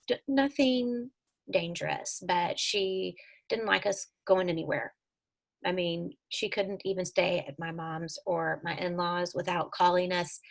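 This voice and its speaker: Gravelly-voiced woman telling an earnest story. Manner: earnest, animated, with sudden leaps in pitch when emphatic. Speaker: guest telling her family's story. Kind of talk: personal storytelling in an interview.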